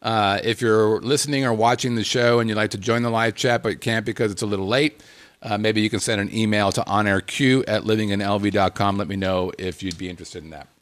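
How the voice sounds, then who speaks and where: A man hosting a casual podcast, reading out listener emails with an animated, self-deprecating manner. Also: lowish voice, brisk. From Las Vegas area. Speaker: podcast host.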